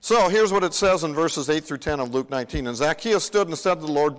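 A man's voice: a little high, lively intonation, fairly quick, few pauses. A man preaching a sermon in a conversational way, acting out the Bible dialogue as he retells it. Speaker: pastor. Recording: long reverb of a large hall.

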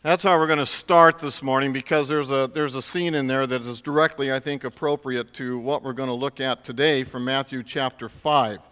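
A man's voice: mid-range voice, steady tone, normal speed, few pauses, a bit bright, clean tone. A man preaching a sermon as pastor, talking casually and then building to emphatic peaks. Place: church sanctuary. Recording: long hall reverb.

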